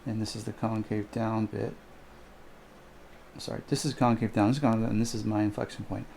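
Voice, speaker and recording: A man's voice: fairly low pitch, little pitch movement, a little fast, creaky, a little mellow, slight background noise. A man teaching calculus in a recorded homework walkthrough, thinking aloud as he sketches graphs and corrects himself. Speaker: math teacher.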